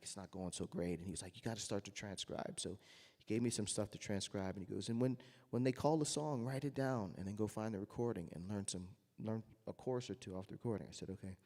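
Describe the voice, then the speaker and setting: Trumpet guy telling stories to a crowd, deep-ish voice, does the quotes big, reverby hall. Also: fast talker, hardly any pauses. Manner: storytelling, acts out quoted voices loudly. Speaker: jazz trumpeter telling his story. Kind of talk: anecdotal talk to an audience.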